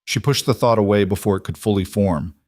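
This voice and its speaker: A man reading a dramatic romance-thriller story in a measured, even narration. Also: fairly low pitch, no room sound.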